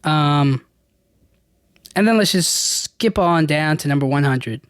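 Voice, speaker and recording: On his solo podcast, a man with a slightly high, bright, clear and resonant voice rambles slowly and expressively, often restarting sentences and tossing in casual slang. The sound is close and dry, with no echo or room around it.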